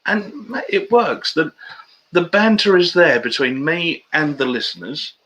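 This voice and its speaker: Bright-voiced chatty man. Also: a little high, unhurried, low-quality recording. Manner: chatty storyteller, matey banter. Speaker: guest. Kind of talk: casual interview chat.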